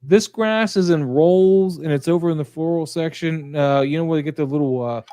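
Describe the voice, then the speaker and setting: A man's voice: on the high side, moderate pace, warm tone, dry recording. A man hosting a casual livestream chat, rambling with many fillers in a friendly way. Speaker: podcast host.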